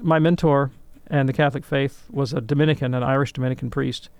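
A man on call-in radio responds to a listener's question, lecturing animatedly and checking in with "right?". He speaks fast in a smooth, medium-pitched voice, with no echo.

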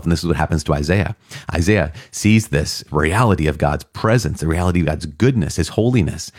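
A man gives a Catholic sermon in a very deep voice, recorded dry and close with no room sound. He speaks earnestly and with animation, acting out short quotes and laughing at his own asides. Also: a little mellow, dry recording. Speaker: Catholic preacher.

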